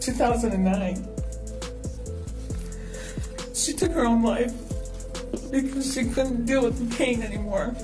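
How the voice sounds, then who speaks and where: A woman's voice: fairly high pitch, unhurried, long pauses. A woman, the mother of a victim, giving a courtroom statement and recounting conversations in a voice that rises and breaks. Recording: echoey courtroom audio, far from mic. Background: music.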